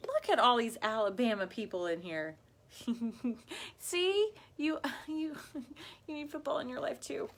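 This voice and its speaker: A woman's voice: a little high, lively intonation, a little slow. A woman hosts a live crafting video and chats with viewers as if they were friends. She is bubbly and talkative and laughs often. She reacts to comments as they come in. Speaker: host of a live craft and ribbon shop video. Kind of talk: chatty livestream talk to viewers.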